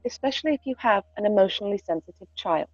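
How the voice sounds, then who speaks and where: A woman's voice: medium pitch, expressive, fast talker, no echo, dull audio. A woman in casual chat, candid and earnest, swearing freely. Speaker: podcast co-host, parent.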